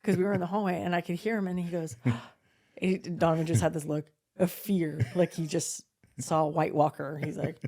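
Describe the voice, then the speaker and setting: A woman's voice: deep voice, steady tone, normal speed, mellow. A woman in her forties co-hosting a podcast, telling a story in casual chat, acting out the voices of the people in it and swearing freely. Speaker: podcast co-host.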